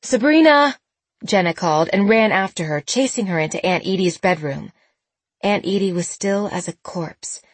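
A woman reads a novel aloud in a measured, expressive way. Her voice sits low with a husky, breathy edge, and the recording is close and dry. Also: no echo. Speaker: narrator. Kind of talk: audiobook narration.

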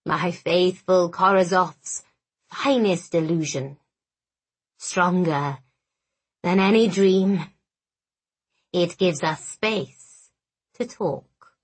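Audiobook villain: soothing, contemptuous monster of a man, drawn-out delivery, breathy edge, read by a woman. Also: on the low side, exaggerated voice. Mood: silky, menacing. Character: hideous male villain luring a captive girl. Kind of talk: audiobook character voice.

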